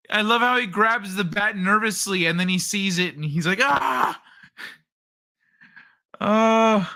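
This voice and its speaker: A woman's voice: medium pitch, vocal fry, bright, forceful tone. Woman swearing and laughing at clips. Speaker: streamer. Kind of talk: casual reaction commentary.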